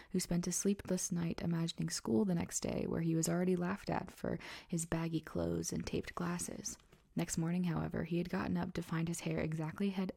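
A woman narrating a storybook in a soft, hushed, steady reading. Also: lowish voice, creaky, slightly rough.

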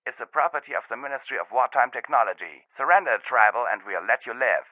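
A brusque, commanding mare soldier as a man puts her on, raised into a higher register and speaking fast. Her voice comes through a tinny helmet radio and sounds dry. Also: expressive, no echo. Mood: demanding.

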